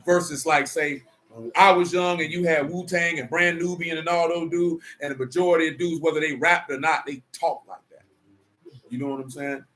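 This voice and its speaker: Preaching man with a bright voice. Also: on the high side, fairly even intonation, moderate pace. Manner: conversational, streetwise preaching with rhetorical questions. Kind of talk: sermon mixed with casual asides.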